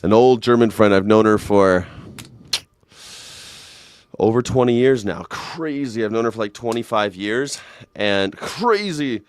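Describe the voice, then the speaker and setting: A man's voice: fairly low pitch, expressive, a little slow, pauses often, smooth, dry recording, clean studio sound. A middle-aged man hosting a live news reaction stream, chatting casually and rambling with frequent laughs. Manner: rambling, jokey, laughs often, bursts into shouted mock voices. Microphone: desk mic.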